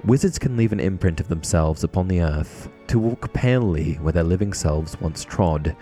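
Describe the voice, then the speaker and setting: A man voicing a mournful, resigned old male ghost who speaks quietly. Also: deep voice, expressive, moderate pace, soft background music.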